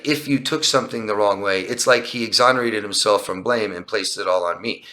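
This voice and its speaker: Bright-voiced male coach answering questions. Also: on the low side, normal speed. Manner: earnest, explanatory, repeats and restarts phrases. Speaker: relationship coach. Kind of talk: live Q&A answering viewer questions. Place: outdoors by a street.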